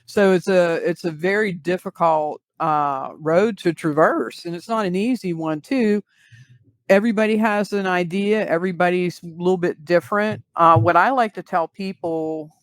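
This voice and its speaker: A woman guest, a grief recovery specialist, explaining in measured interview talk with vivid everyday examples. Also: fairly low pitch, dry recording.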